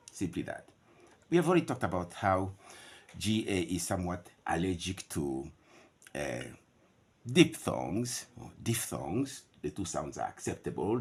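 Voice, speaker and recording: With a low, darkish, slightly rough voice, a man whose native language is Bantu lectures on English pronunciation. He works through word contrasts in class, repeating them in a drawn-out way.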